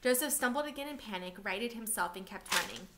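A woman reading a novel aloud for a class, steady and expressive. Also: a little high, fairly quick.

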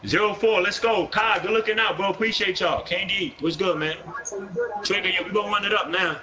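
A young man with a New York accent live-streams a basketball video game, throwing out brash, profane trash talk with an aggressive edge. His voice sits high, with a steady tone and a brisk pace. The background is noisy.

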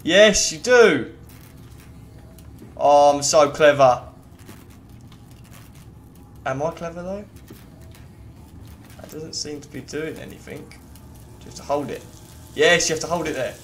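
A man's voice: fairly high pitch, measured pace, long pauses, slight background noise. A young man giving casual let's play commentary, chattering to himself and the game. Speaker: gaming youtuber.

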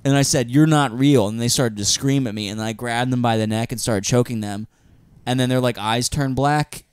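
A man's voice: medium pitch, normal speed, smooth, dry recording, studio quality. A man co-hosting a podcast, casually telling a story and acting out the quotes. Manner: animated storytelling, acts out quotes. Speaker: podcast co-host. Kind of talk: casual chat.

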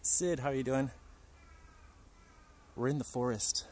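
A man's voice: medium pitch, unhurried, a little mellow, husky. A man livestreaming in a park forest, chatting and joking with his viewers. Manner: chatty, jokey, talks to viewers. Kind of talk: casual livestream chat.

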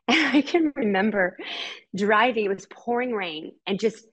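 A woman's voice: medium pitch, expressive, measured pace, fairly bright tone. A middle-aged woman, telling a personal story as a podcast guest in an earnest, heartfelt way, often repeating words for emphasis.

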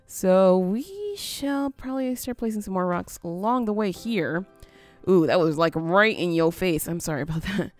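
In this casual let's-play, a woman with a mid-range voice talks through a building game, musing aloud and breaking into frequent small laughs. She's a gaming video host from the US, close to the Canadian border, and the recording has no room sound.

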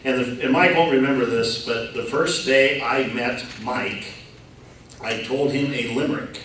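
Guy saying a few words at a retirement party, pausing a lot, faint room noise. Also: medium pitch, a bit bright. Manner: hesitant, with fillers. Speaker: general manager. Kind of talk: casual tribute speech. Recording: echoey room from far off.

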